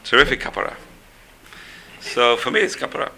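A man's voice: medium pitch, lively intonation, fairly quick, creaky, bright, forceful tone, a little hiss or hum. A man giving a storytelling religious class, repeating phrases for emphasis.

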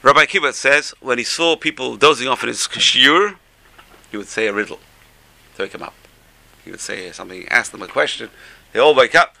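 A man teaching a Torah class as a rabbi, animated and exclamatory, dropping to soft asides and rising to loud emphasis. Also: mid-range voice, fairly quick, creaky, long pauses, noisy background.

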